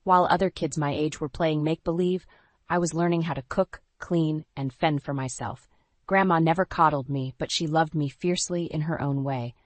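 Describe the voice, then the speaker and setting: A woman narrating a scripted first-person story in a dramatic, even storytelling voice. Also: low voice, normal speed, dry recording.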